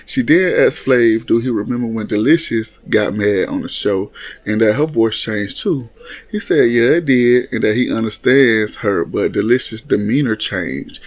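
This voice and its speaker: A man hosting a casual reality TV recap, blunt and mocking, often laughing as he talks. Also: fairly low pitch. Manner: blunt, laughs often, mocks what he watched. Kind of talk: casual commentary.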